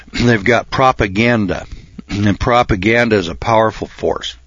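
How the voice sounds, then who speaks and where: Man, insistent speech, frequent throat clearing, halting restarts, dry close sound. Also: on the low side, fairly bright tone, no echo. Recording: dull lo-fi recording.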